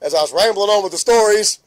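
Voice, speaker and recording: Laughing man with a high voice. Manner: laughs often, talks to commenters by name. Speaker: host of a morning live stream. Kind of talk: casual live-stream chat with viewers.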